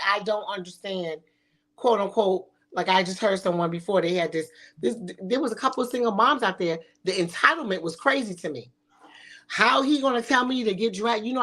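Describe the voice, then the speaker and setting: A woman's voice: medium pitch, fairly bright tone. A middle-aged woman hosting a talk show, speaking bluntly and sassily with frequent swearing. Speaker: podcast host. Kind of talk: provocative casual talk.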